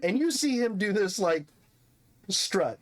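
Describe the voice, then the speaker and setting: A man narrating as game master of a tabletop game, lively and often laughing. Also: sits high, takes it slowly.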